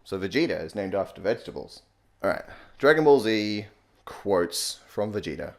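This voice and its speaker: Young guy doing a jokey voice tutorial, low voice, dry sarcasm, swears a lot. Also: normal speed. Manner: sarcastic, deadpan, swears casually. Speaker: comedy YouTuber. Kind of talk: casual comedic tutorial.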